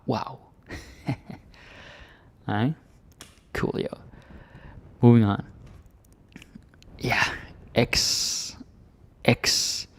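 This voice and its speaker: A man from Denmark gives a slow, casual pronunciation lesson with a gravelly, low voice. He jokes loosely and often trails off into whispers. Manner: relaxed, joking, drifts into whispers. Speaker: language teacher.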